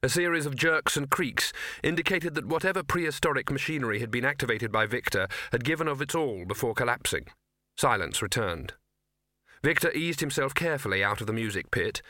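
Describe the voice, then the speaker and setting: A man reading a fantasy novel as audiobook narrator, with measured storytelling. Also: medium pitch, lively intonation, sharp tone, no echo, studio quality. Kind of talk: scripted narration.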